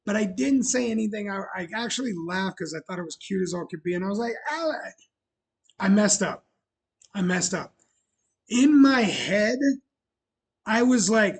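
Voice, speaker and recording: A man's voice: sits high, animated, measured pace, creaky, pauses often, breathy edge. A man hosting a casual show about opening his bar, chatty and self-mocking, laughing often. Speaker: bar owner and show host. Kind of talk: casual chat.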